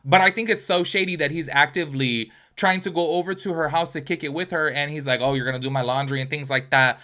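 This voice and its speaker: A man hosting a gossip commentary video, chatty and animated as he gives his opinions. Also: a little high, fairly quick. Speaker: commentary channel host.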